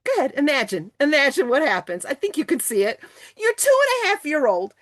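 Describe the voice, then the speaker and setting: A woman presenting a motivational talk to a virtual retreat, animated and coaxing her listeners with questions, speaking over a video call. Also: sits high, fairly quick.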